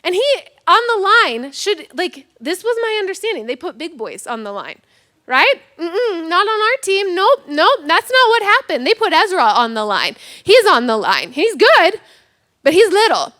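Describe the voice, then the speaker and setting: A high-voiced woman pastor in her thirties giving a sermon. Her bright, forceful tone swings up and down as she acts out quotes and pokes fun at herself. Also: normal speed. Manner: animated storytelling with acted-out quotes, self-mocking humor. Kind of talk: sermon with personal story.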